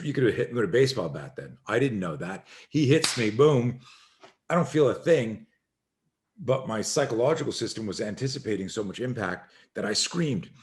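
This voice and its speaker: With a mid-range voice, a middle-aged self-defense instructor guests on a podcast, telling a spirited story and voicing the people in it.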